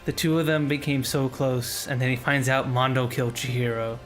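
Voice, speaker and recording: A man's voice: mid-range voice, little pitch movement, brisk, a bit bright. A young man streaming a casual game playthrough, chatting in a rambling way and reading the story aloud. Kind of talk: casual game commentary and narration. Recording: faint background music.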